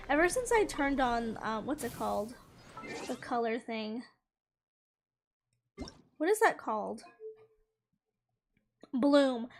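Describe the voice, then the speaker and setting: Woman gaming streamer, high voice, chatty and giggly, casual play-along chat. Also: slight background noise.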